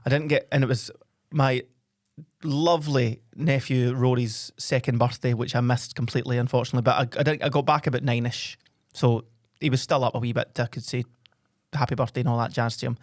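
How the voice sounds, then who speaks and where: A man's voice: medium pitch, steady tone, fairly quick, dry recording, studio quality. Teasing Scottish man on radio. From Scotland. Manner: teasing, laughs a lot. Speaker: radio show co-host. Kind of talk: casual chat.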